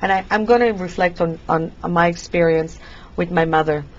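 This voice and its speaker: A woman's voice: on the low side, brisk, muffled recording. A middle-aged woman hosting a talk show, chatty and affirming, telling personal stories with many restarts.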